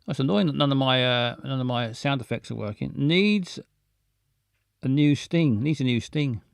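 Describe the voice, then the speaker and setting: A man hosting a live show, chatting casually in a halting, playful way with many restarts and silly jokes. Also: mid-range voice, creaky, smooth, no echo, studio quality. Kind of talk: casual rambling live chat.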